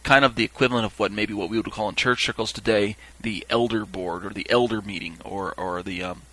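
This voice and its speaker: A man's voice: lowish voice, a little fast, pushed and bright, rough recording. A man teaching a Bible lesson for a podcast, explaining as he goes, often checking in with listeners and using fillers.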